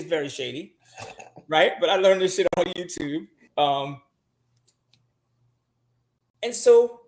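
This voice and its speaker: A man's voice: sits high, echoey room. A man giving casual credit advice as a guest, talking bluntly, emphatically and with plenty of cursing.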